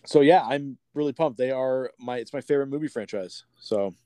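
A man's voice: medium pitch, brisk, warm tone, clear, resonant tone, no room sound, studio quality. A man co-hosting a podcast in casual chat, rambling and swearing freely with many restarts. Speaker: podcast co-host.

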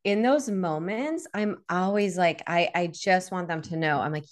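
A woman's voice: fairly low pitch, moderate pace. A woman therapist and coach talking candidly as a podcast guest, acting out quoted moments from family life. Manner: candid, expressive, acts out little quoted scenes. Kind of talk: casual interview talk.

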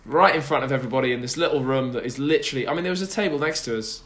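A man's voice: medium pitch, racing, a bit bright. Rambling young man telling stories. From Britain. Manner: rambling, self-deprecating storytelling with many restarts. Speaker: guest. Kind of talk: casual chat.

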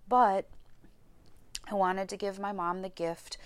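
A woman's voice: mid-range voice, flat delivery, slow pace, no echo. A young woman hosting a podcast, candidly telling a personal story, swearing freely and getting close to tears. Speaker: podcast host.

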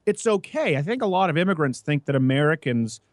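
A man hosting a casual political talk show, brash and mocking, talking fast. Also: fairly high pitch, sing-song, no room sound, studio quality. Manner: brash, quick, mocking, with put-on voices. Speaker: podcast host.

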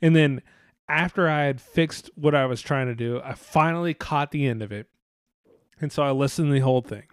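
A man's voice: medium pitch, fairly quick, clean tone, dry recording. A man co-hosting a casual talk show, rambling and sarcastic, swearing often and mimicking other people's voices. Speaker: podcast co-host. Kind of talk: casual profane chat.

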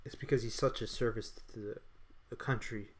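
A man's voice: mid-range voice, fairly even intonation, a little fast. A man co-hosting a casual podcast, rambling loosely with frequent restarts. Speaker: podcast co-host. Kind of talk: casual chat.

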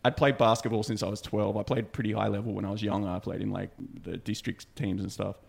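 A man's voice: fairly low pitch, little pitch movement, fast talker, gravelly, slightly rough. A young man co-hosting a podcast, telling stories in casual chat, swearing freely and laughing. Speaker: podcast co-host.

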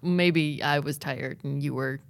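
A woman's voice: deep voice, fairly even intonation, unhurried. A woman as a podcast guest, chatty and laughing as she tells her side of a trip. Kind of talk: casual podcast chat.

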